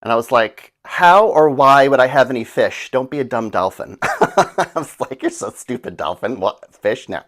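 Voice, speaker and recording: A man's voice: mid-range voice, lively intonation, moderate pace, a bit bright, natural voice. A man playing a brash, chatty woman named Gladys, telling her disaster story as a breezy, flippant comedic monologue.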